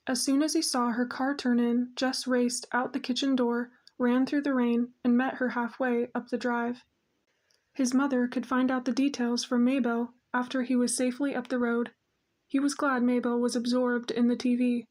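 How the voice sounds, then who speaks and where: A woman narrating an audiobook with a steady, even storytelling manner. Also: a little high, moderate pace.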